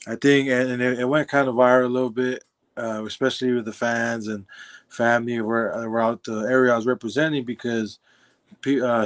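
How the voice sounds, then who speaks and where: Animated young man telling stories. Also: mid-range voice. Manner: animated, acts out dialogue, laughs often. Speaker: podcast guest, former football player. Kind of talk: casual storytelling.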